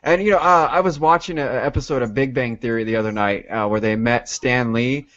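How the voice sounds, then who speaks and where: Casting: mid-pitched male co-host, easygoing and chatty, dull lo-fi recording. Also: fairly quick, fairly bright tone. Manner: chatty, reads off lists. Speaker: podcast co-host. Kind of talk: casual chat. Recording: dull lo-fi podcast audio.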